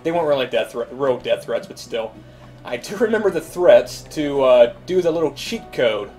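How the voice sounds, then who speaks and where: A man's voice: mid-range voice, lively intonation, normal speed, darkish tone. Casual gamer host, man, talking himself through each jump over faint game music. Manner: chatty, thinks aloud. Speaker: let's play host. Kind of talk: gameplay commentary.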